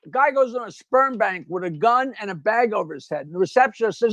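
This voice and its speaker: A man's voice: high-pitched, expressive, very fast, hardly any pauses, a bit bright, no echo. An older man with a Long Island accent, a guest comedian chatting and telling jokes in a brash, rambling way. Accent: Long Island New York. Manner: brash, rambling, laughs at his own jokes. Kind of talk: casual chat and joke telling.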